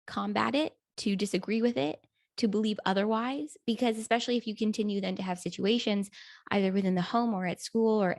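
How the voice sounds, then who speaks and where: A woman's voice: medium pitch, creaky, a little mellow, no room sound, clean studio sound. A woman hosting a podcast, affirming her guest and reflecting thoughtfully on what was said. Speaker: podcast host. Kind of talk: podcast interview.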